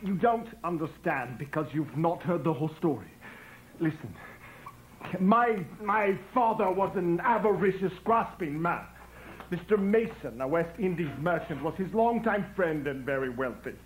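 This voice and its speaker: A man's voice: on the high side, expressive, moderate pace, slight background noise, lightly acted, low-quality recording. A man playing stormy Mr Rochester on stage. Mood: grave. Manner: stormy, declamatory, given to stammered repeats. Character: Mr Rochester, a brooding passionate older gentleman. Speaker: stage actor. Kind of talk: stage musical acting. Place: theatre stage.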